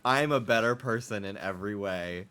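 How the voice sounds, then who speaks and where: A man's voice: on the low side, normal speed, bright, forceful tone, faint music behind. A man streaming a game and chatting casually, rambling and profane, sarcastic, laughing often, from the United States.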